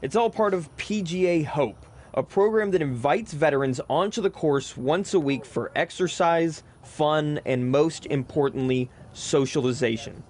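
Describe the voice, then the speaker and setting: A young man reporting sports news for local television in an upbeat, crisp delivery. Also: on the high side, a little slow, darkish tone.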